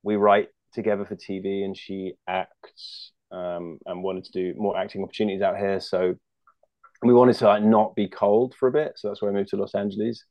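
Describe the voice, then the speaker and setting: Rambling, jokey British man, low voice. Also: steady tone, normal speed, no room sound, highs cut off. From United Kingdom. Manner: rambling, jokey, many restarts. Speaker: guest comedian. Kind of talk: casual chat.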